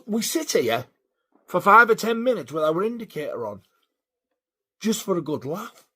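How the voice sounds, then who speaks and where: A man telling a sweary, animated story in a casual vlog. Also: high-pitched, normal speed, long pauses, slightly rough. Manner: sweary, animated when riled. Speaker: vlogger.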